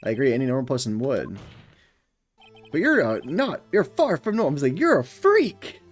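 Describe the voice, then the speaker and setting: Man playing an earnest young defense attorney, pressing, lively pitch. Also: moderate pace, soft background music. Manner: pressing, argumentative.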